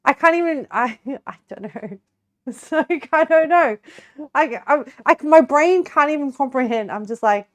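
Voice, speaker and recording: A woman's voice: high-pitched, lively intonation, measured pace. A young Australian woman chatting casually while baking on a stream, giggling often and rambling with lots of restarts.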